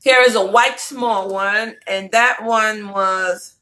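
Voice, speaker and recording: A woman's voice: medium pitch, steady tone, takes it slowly, bright, forceful tone, rough recording. A woman vlogger chatting casually and playfully to her viewers while showing a shopping haul.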